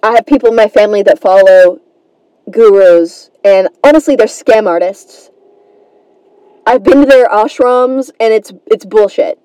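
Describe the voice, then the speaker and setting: A woman's voice: medium pitch, measured pace, warm tone, clean tone, dry recording, poor audio. A woman hosting a comedy podcast, telling a rambling, self-deprecating story in a casual monologue and swearing freely.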